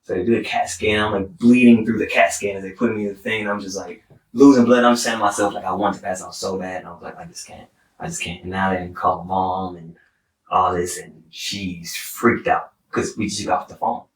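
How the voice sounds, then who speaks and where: With a low, steady voice moving a little fast, a young singer-songwriter from Houston, Texas tells a rambling personal story as a podcast guest, full of "like" fillers and restarts. The distant mic captures a roomy sound with slight background noise.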